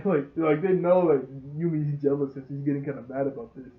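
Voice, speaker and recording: A man talks through an episode review in a loose, rambling way. His voice sits a bit high, and he gets excited as he laughs along. The sound is roomy and dull, like a lo-fi home recording. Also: a little fast, hardly any pauses. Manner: rambling, excitable, laughs often, retells scenes. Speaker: show reviewer.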